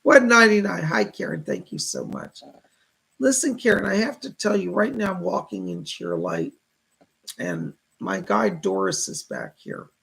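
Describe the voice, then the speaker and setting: A man hosts live psychic readings, reading out viewers' messages and passing on what the spirits tell him. His voice is heavily gravelly and rough with rasp. His pitch swings widely as he talks. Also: sing-song, measured pace, low-quality recording. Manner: reads viewer messages aloud and relays spirit messages. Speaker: psychic reader, show host.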